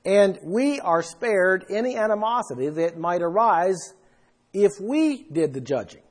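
A man's voice: sits high, expressive, a little slow. A man preaching a Bible sermon, explaining verses with emphatic rises in his voice. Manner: emphatic, rising for stress.

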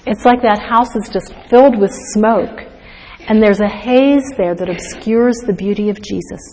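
A woman's voice: mid-range voice, warm tone, in a large hall, slight background noise, low-quality recording. A woman giving a devotional teaching talk to mothers, earnest and full of rhetorical questions. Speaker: speaker to mothers.

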